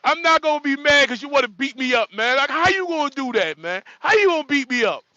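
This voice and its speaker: A man's voice: extremely high pitch, expressive, fast, pushed and bright, no echo, muffled recording. A man, a trucker hosting a casual livestream, joking and repeating himself as he talks. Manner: joking, repetitive, frequent laughter. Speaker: livestream host; truck driver.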